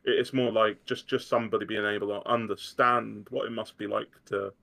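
Man, gravelly, lowish voice, rambling casual chat. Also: fairly even intonation, brisk, bright, forceful tone. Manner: rambling, laughs easily.

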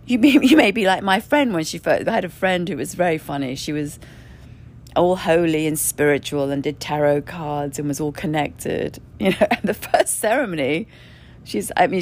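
Woman, blunt, profane, emphatic, lively rising and falling voice, candid monologue. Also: lowish voice, normal speed. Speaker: speaker sharing spiritual experience. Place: indoors in a rented lodging.

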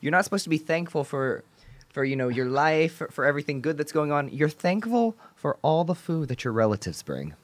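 A man's voice: on the high side, very animated, brisk, dry recording. A young man hosting a casual podcast, bantering with friends in a playfully exasperated way. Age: young adult. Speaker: podcast host. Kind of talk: casual chat. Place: small home studio.

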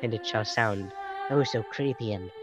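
A man's voice: lowish voice, moderate pace, over music. A young man hosting a podcast, chatting loosely about films in a jokey, rambling way and laughing often. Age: young adult. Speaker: podcast host. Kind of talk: casual film review chat.

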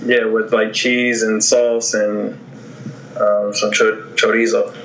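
A man's voice: lowish voice, flat delivery, slow pace, fairly bright tone, roomy sound, slight background noise, poor audio. Hesitant Philly man, full of ums. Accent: Philadelphia. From Philadelphia. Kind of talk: casual chat.

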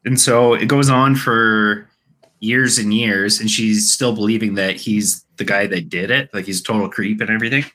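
Bright-voiced young man telling a story. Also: lowish voice, steady tone, normal speed. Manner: rambling, laughs often, storytelling. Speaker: podcast co-host. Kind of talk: casual podcast chat.

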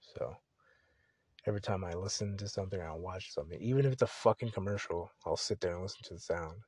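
Profane rambling podcast guy, low voice. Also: fast, darkish tone, husky. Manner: profane, rambling, laid-back. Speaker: podcast host. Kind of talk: casual solo podcast monologue.

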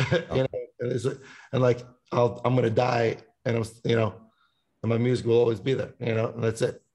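A man's voice: mid-range voice, level tone, moderate pace, a little mellow. A man, a musician guest on a casual podcast, rambling and swearing freely as he talks about songwriting. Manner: rambling, swears a lot, sings snippets.

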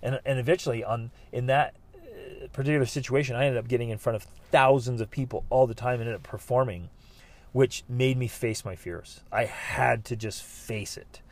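A man hosting a podcast, telling his own stories in an earnest, animated way with frequent restarts. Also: mid-range voice, moderate pace. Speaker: podcast host. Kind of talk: motivational podcast monologue.

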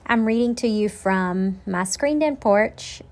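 Woman, motivational host, slow unhurried reading, gravelly fry, earnest, outdoor porch. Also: mid-range voice. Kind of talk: casual spoken reading of a poem. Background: kids and leaf blowers in the distance.

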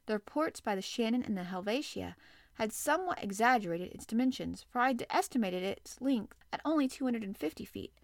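A woman's voice: on the high side, expressive, a little fast, vocal fry, no room sound, studio quality. A woman narrating an audiobook.

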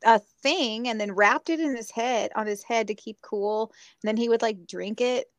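A woman's voice: on the high side, normal speed, no room sound. A woman co-hosting in a casual chat, talking in a chatty, giggly way.

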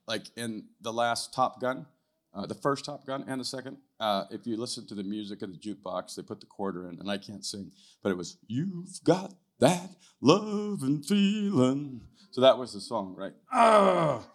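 At a live event in a church hall, an older male guest tells a testimony story in a loose, conversational way. His pitch is fairly low, and he often tags his lines with "right?" and clears his throat.

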